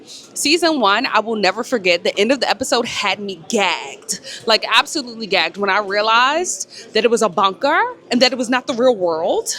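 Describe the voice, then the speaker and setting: Animated slangy woman vlogging. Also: on the high side. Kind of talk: casual vlog talk to camera.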